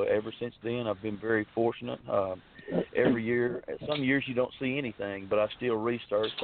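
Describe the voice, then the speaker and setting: A man's voice: lowish voice, a little hiss or hum. Earnest rambling man on a phone line. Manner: rambling, earnest, many restarts and fillers. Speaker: guest telling his story. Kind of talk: casual storytelling.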